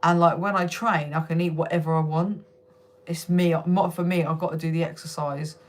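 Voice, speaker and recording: Low-pitched and fairly even in intonation, this young British woman talks at normal speed. She's casually livestreaming from home on her phone, chatting with viewers, laughing often and using plenty of swear words.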